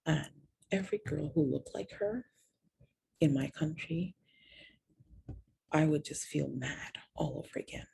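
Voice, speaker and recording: A woman's voice: low voice, unhurried, vocal fry, pauses often, dark tone, breathy edge. A woman candidly confiding a personal story to viewers in a vlog, sometimes dropping to a whisper on painful details. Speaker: host telling her own story.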